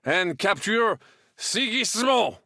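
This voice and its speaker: A haughty French knight holds forth in a bright, animated voice that swoops up and down. He has a French accent and a pompous, theatrical manner. The game recording is dry and close. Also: high-pitched, takes it slowly, no room sound, full character voice. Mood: boastful. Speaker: game character. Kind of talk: game voice acting.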